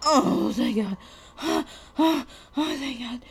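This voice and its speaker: A young woman in an intimate solo audio monologue, breathy and out of breath, sighing and swearing. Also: high voice, a little hiss or hum. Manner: breathy, swearing, drawn-out sighs.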